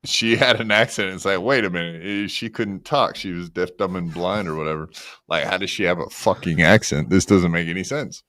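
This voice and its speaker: Podcast dude cracking crude jokes, lots of uhs, dry close sound. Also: male voice, low-pitched, a little fast, pushed and bright, dry recording. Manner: crude, joking, hesitant fillers. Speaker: podcast co-host. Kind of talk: casual chat.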